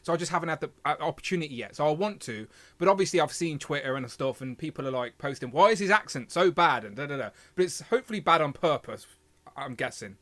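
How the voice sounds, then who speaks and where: A man's voice: mid-range voice, a bit bright, no echo. A British man hosting a casual live stream, chatty and self-deprecating, rambling as he talks. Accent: British English. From Britain. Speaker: livestream host.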